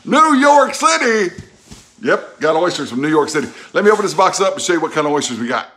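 A man's voice: on the high side, racing, slight background noise. A middle-aged man from Louisiana with a Southern accent, chatting folksily while unboxing and tasting food in his own vlog. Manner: folksy, chatty, animated outbursts. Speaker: food vlogger.

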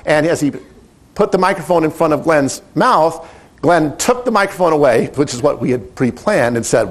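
A middle-aged man who directs animal training, telling a story in a lively, animated way and acting out the quotes. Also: fairly high pitch, moderate pace. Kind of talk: storytelling talk.

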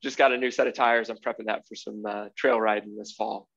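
A young man, a guest automotive writer, chatting casually on a podcast, explaining cars in a relaxed way with small laughs. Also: on the low side, brisk. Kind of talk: casual podcast chat over video call. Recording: muffled lo-fi call audio.

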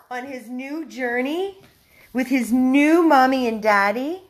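Bubbly woman at a dog rescue. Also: slow. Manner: talks to the dog in high baby talk. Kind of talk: casual live video update.

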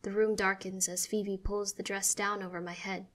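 A woman reading a story aloud in first person with a steady, expressive delivery. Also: mid-range voice, normal speed. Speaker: story narrator.

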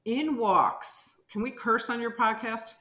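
A middle-aged woman from New Jersey, a podcast guest telling a story in a lively, animated way and acting out the people in it. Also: on the high side, takes it slowly. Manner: animated storyteller who acts out quotes. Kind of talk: casual storytelling interview. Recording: roomy echo.

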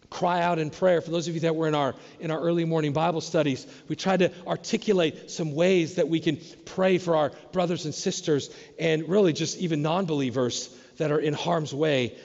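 A man's voice: fairly high pitch, a little mellow, big-room sound, muffled recording. A man preaching a sermon as pastor, speaking with animation and acting out questions in a raised voice. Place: church sanctuary.

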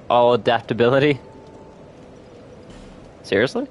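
A man's voice: fairly low pitch, big pitch swings, normal speed, slight background noise. A young man streaming a video game with a friend, chatting casually, swearing freely and laughing often. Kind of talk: casual chat while gaming.

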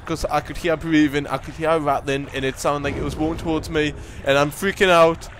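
A man commentating a horror game as he plays, muttering and swearing, then breaking into panicked shouts. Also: fairly high pitch, level tone, brisk, slight background noise. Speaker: gaming commentator.

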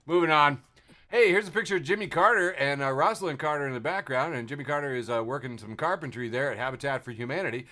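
A man's voice: fairly high pitch, fast, bright, forceful tone. A man hosting a casual podcast, reading memes aloud with a wry tone and laughing often. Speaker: podcast host.

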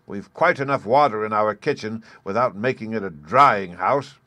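A man voicing a greedy, harsh grown brother who snaps loudly and bullies. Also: lowish voice, moderate pace, dry recording. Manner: loud, snapping, bullying.

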